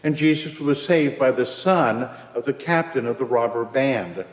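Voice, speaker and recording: A man preaching a sermon in a church, opening with a prayer and speaking in a slow, measured way. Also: medium pitch, lively intonation. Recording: echoey church from a distance.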